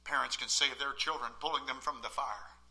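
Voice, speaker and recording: A male pastor preaching a sermon from the pulpit in a church, swinging between loud emphatic outbursts and quiet asides. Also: mid-range voice, fairly even intonation, a little fast, creaky.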